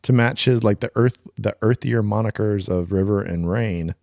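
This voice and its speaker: A man's voice: lowish voice, moderate pace, creaky, dry recording. Laid-back man in dry close podcast chat. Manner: relaxed, trails off, swears casually. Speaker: podcast co-host. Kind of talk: casual chat.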